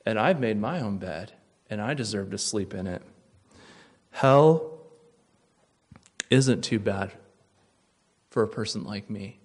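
A man's voice: on the low side, lively intonation, slow, pauses often. A man preaching a sermon as pastor, emphatic, driving his points home with repeated phrases.

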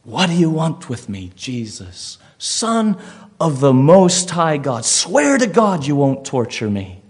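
A man's voice: fairly high pitch, sing-song, slow pace. A preacher playing a tormented male demon who pleads in a frantic voice during a sermon. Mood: pleading.

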